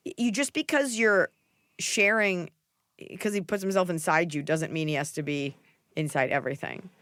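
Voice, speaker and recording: A middle-aged woman hosting a podcast, giving blunt, jokey advice in a casual, animated way. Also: lowish voice, moderate pace, dry recording, studio quality. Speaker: podcast host.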